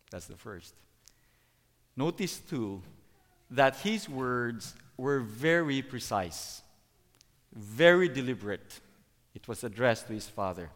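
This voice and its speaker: A middle-aged man giving a sermon as a preacher, halting, with many fillers and restarts. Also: mid-range voice. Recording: long hall reverb.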